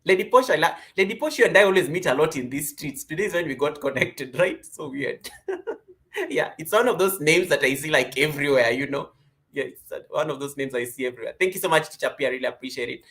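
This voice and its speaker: A man hosting a casual live stream from home, greeting viewers by name with lively energy. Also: a little high, fairly quick. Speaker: livestream host.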